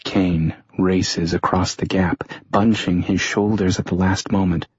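A man narrating a thriller audiobook in a measured, tense storytelling manner. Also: low-pitched, fairly even intonation, breathy edge, no room sound. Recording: dull lo-fi audio.

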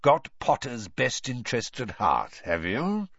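Guy putting on a growly grizzled old wizard, barks and threatens, swingy pitch. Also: sing-song, a little slow, fairly bright tone, no echo, full character voice. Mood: mocking. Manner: growling, gruff delivery. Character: gruff scarred old male wizard, menacing. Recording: dry, slightly dull recording.

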